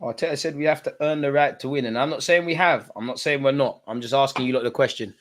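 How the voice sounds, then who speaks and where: A young man, streaming a live football watchalong, shifting between nervous muttering and loud outbursts at the referee. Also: mid-range voice, fast. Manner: animated, swings from muttering to shouting at the ref. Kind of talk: live match reaction commentary.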